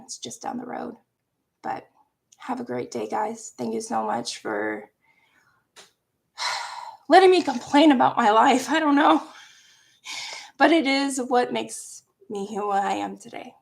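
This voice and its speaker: A woman's voice: a little high, lively intonation, a little slow, creaky, pauses often. A young woman, telling a personal story in a candid, rambling way, with swearing and laughter. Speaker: vlogger.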